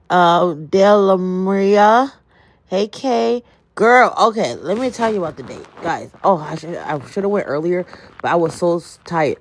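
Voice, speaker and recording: A woman's voice: low-pitched, no room sound. Woman livestreamer, chatty storyteller, dry close sound. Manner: chatty, animated, greets viewers by name. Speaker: livestream host.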